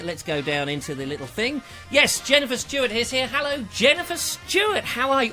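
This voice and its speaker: A man's voice: high voice, pushed and bright. A man hosting a live online show, chatting in a playful, jokey, theatrical way. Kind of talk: casual live-stream chat.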